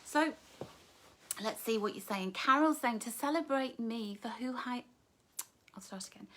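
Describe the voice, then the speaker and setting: A middle-aged woman talks on a live stream, reading out comments and answering them with terms of endearment. Her voice sits a little high for a woman. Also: unhurried, pauses often. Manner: warm, affectionate, calls viewers darling and my love. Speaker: author hosting a live book launch.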